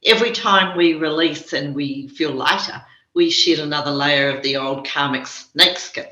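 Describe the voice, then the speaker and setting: A woman with a New Zealand accent, a spiritual teacher speaking as a guest and telling stories in a gentle, earnest way. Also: sits low, moderate pace. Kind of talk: reflective interview conversation. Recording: dull echoey recording.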